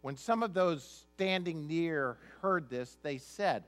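A man preaching a sermon with a voice pitched a bit high for a man. He reads scripture aloud, then explains it in a plain, emphatic, conversational way. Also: expressive, slow pace. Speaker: pastor.

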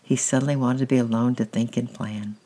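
A man narrating a storybook with a calm, steady reading. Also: mid-range voice, brisk.

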